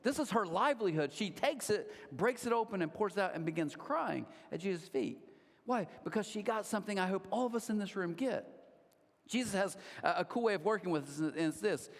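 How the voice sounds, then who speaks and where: A man preaching a sermon, telling stories in a conversational way with animated asides, in a large church auditorium. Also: high-pitched, a little fast. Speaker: pastor. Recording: long hall reverb.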